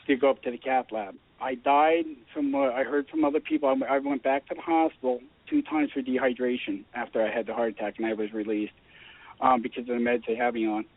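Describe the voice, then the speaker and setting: Man, animated storyteller, gravelly voice, tinny phone line, dry sound. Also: medium pitch, brisk, no room sound. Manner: animated storyteller acting out dialogue. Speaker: guest telling his story. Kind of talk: casual phone-in chat.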